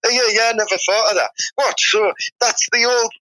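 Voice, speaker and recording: A man's voice: high voice, normal speed, sharp tone, dry recording, rough recording. A man with a Teesside accent, rambling bluntly in slangy comic banter. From Teesside, England. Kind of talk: comic banter, improvised sketch.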